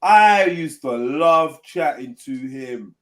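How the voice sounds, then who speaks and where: A man from London hosting a casual live panel chat. His voice sits a little high for a man, and he talks in a laid-back, slangy, rambling way, swearing freely. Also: lively intonation, takes it slowly, fairly bright tone. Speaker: host of a live panel stream.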